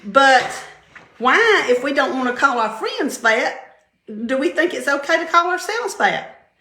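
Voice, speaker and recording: Older woman, casual devotional talk, chatty storyteller, slightly high voice, echoey room. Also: sing-song, measured pace, pushed and bright, a little hiss or hum. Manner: chatty storyteller, laughs often, mimics others in a higher voice. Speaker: vlogger sharing faith-based encouragement. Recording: roomy echo.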